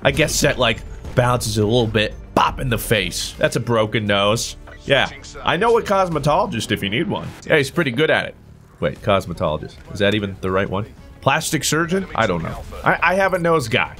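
A young man giving playful, jokey commentary over his own gameplay, trash-talking and yelling with sudden bursts of excitement. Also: mid-range voice, a little fast. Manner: playful, jokey trash talk, animated outbursts. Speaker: gaming YouTuber. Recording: game audio with gunfire and music behind.

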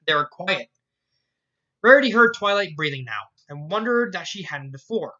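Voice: medium pitch, big pitch swings, moderate pace, sharp tone, highs cut off. A fan fiction reader narrating a story aloud, often stumbling and restarting lines, with the odd swearing aside. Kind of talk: amateur fan fiction reading.

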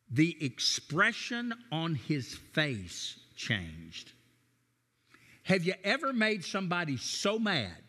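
A man's voice: fairly high pitch, pushed and bright, long reverb tail. A man in his sixties with a Tennessee and Texas Southern accent, preaching a sermon as a guest pastor and telling stories with folksy, self-deprecating humor. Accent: Tennessee and Texan Southern American. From Nashville, Tennessee, USA. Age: 60s.

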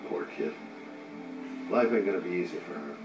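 An actor playing a middle-aged detective, speaking softly and coaxingly to a baby, in a video game. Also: male voice, deep voice, expressive, normal speed. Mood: wry. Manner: soft, coaxing baby talk. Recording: roomy, distant game audio with music.

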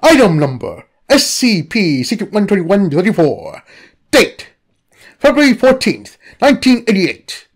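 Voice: medium pitch, big pitch swings, unhurried, breathy edge. A narrator reading a comedic anomaly file in a scripted style.

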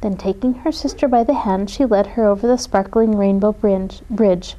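Gentle woman reading a storybook aloud. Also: medium pitch, normal speed, muffled recording.

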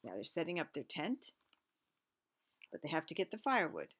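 A woman reading a picture book aloud, stopping often in a gentle, expressive way to explain the pictures. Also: sits low, fairly quick, husky.

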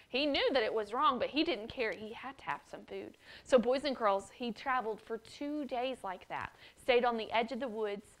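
A woman tells a story to a children's church class, often turning to ask the boys and girls questions. Her voice sits a little high and stays animated. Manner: animated, addresses children directly.

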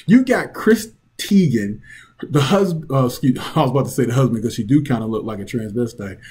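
A man's voice: mid-range voice, lively intonation, brisk, mellow, husky. A man ranting bluntly and profanely from home in a casual opinion vlog, mocking and often laughing. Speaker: vlog commentator.

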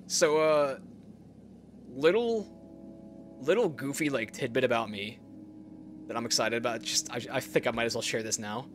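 A young man hosting a let's play, chatting excitably and swearing casually as he plays. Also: medium pitch, slight background noise. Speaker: gaming video host.

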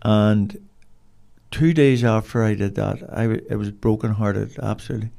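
Gravelly older man. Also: lowish voice, fairly even intonation, moderate pace, dark tone. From Cork, Ireland. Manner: rambling anecdotal, colloquial. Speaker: guest. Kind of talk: casual storytelling interview.

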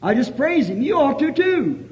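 A man preaching a revival sermon, telling a story in a hushed voice and then breaking into excited shouts of praise. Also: extremely high pitch, normal speed. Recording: dull lo-fi archival tape.

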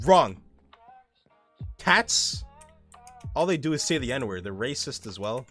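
A man streaming a game, ranting casually in a profane, rambling, excitable way. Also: mid-range voice, takes it slowly, pauses often, soft background music. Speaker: gaming streamer. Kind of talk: casual rant while playing a game.

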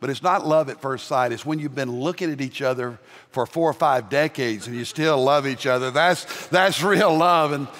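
An older man from the American South with a Southern accent, preaching a sermon as pastor with homespun humor and loud, emphatic rises. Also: medium pitch, moderate pace, few pauses. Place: large church sanctuary. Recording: long reverb of a large church.

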